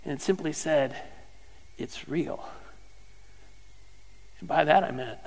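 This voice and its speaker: A middle-aged man preaching a sermon, swinging from loud fervent questions to hushed, near-whispered lines. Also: on the high side, slow pace, gravelly. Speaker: pastor. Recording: long hall reverb.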